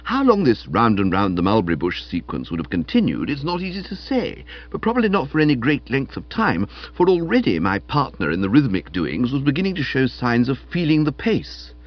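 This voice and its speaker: Male audiobook reader, husky, playful comic narration, muffled lo-fi sound. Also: mid-range voice, fairly quick, few pauses. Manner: animated, wry storytelling, characterful quotes. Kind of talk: scripted comic novel narration. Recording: dull lo-fi recording.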